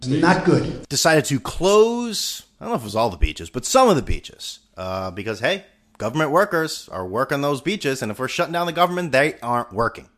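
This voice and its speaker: A man's voice: medium pitch, big pitch swings, fairly quick, a bit bright. A young man hosting a podcast, talking in a rambling, sarcastic and profane monologue. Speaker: podcast host. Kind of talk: casual monologue.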